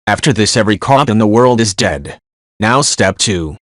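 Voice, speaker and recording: A man narrating online forum posts in a brisk, matter-of-fact reading style. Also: fairly low pitch, expressive, a bit bright, no echo, clean studio sound.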